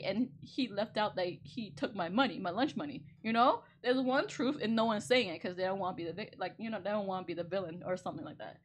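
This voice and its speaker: A woman's voice: mid-range voice, expressive, fast talker, a little hiss or hum. A woman streamer in casual chat, rambling and laughing often as she talks.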